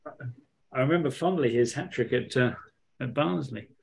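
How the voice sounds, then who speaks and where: A man's voice: mid-range voice, normal speed, gravelly. A man co-hosting a podcast, quizzing his friend in casual banter and laughing often as he thinks aloud. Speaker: podcast co-host. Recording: podcast recorded at home.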